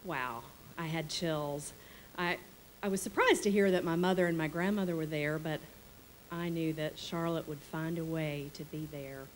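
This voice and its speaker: A woman's voice: low voice, moderate pace, poor audio. A woman from the American South telling a personal story live on stage in a wry, conversational way. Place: small performance venue on stage. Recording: live stage with faint room noise.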